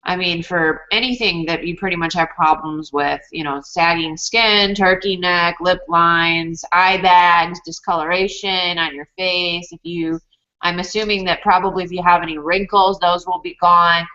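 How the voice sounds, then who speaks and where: A woman with a low, bright, sharp voice chats about a product with lots of fillers. The sound is dull and lo-fi, like a call line. She talks loosely to the group. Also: fairly even intonation, normal speed.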